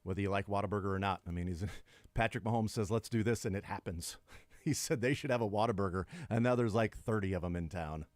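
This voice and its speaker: Low-ish guy on sports radio, blunt and argumentative, dry studio mic. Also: fast talker, a little mellow, dry recording. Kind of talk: casual sports radio banter.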